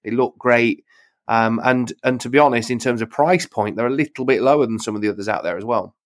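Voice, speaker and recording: A man's voice: medium pitch, a little fast, dry recording, studio quality. A man who is a golf club pro, chatting casually on a podcast, repeating words as he talks. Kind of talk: casual chat.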